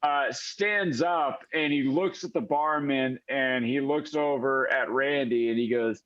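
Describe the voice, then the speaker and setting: A man narrating a tabletop game as game master, in a casual, halting way with many fillers. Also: medium pitch, fairly bright tone, no room sound, muffled recording.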